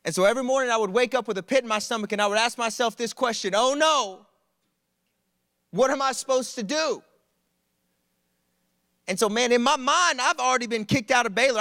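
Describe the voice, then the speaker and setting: A man preaching a sermon, telling stories in an animated, conversational way with humor. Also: sits high, dry recording, studio quality. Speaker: preacher at a college ministry. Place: church service.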